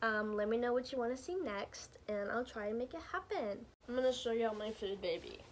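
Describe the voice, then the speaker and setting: A young woman chats into her camera from the driver's seat, loose and profane and full of "like." Her voice sits slightly high for a woman. A faint hum of traffic runs underneath. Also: a little fast. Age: young adult. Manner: chatty, profane, says like a lot. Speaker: vlogger. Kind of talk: casual vlog chat. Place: in her car.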